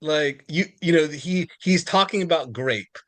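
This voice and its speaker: A man's voice: a little high, a little slow, dry recording. A man co-hosting a sports podcast in casual chat, rambling and filling with "like" and "you know". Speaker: podcast co-host.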